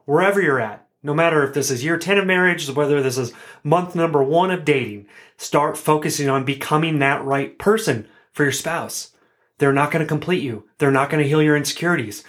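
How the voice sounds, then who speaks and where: An earnest man hosts a solo podcast in a relaxed, chatty way. His voice sits a bit higher than most men's. He often restarts and corrects himself mid-sentence. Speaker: podcast host. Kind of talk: solo podcast talk, casual.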